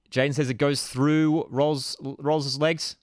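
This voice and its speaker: A man's voice: a little high, no room sound, clean studio sound. A young man hosting a live football watchalong, ranting in exasperation and casual slang while reading out chat messages. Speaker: host of a football watchalong stream.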